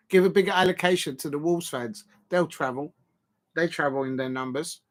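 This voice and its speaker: A man's voice: on the high side, moderate pace, a bit bright. A man hosting a casual live stream, rambling and joking, with the odd mock moan. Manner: rambling, jokey, prone to mock moaning.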